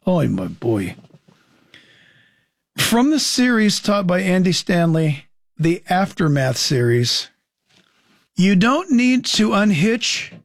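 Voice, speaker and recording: High-voiced man preaching against false teaching. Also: very animated, slow, vocal fry, long pauses, no room sound, clean studio sound. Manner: emphatic, poses and answers his own questions. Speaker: Christian commentator.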